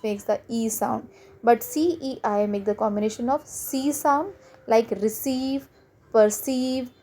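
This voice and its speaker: A woman with an Indian English accent teaching a phonics lesson, explaining letter sounds step by step and repeating example words slowly, with frequent hesitant fillers. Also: fairly high pitch.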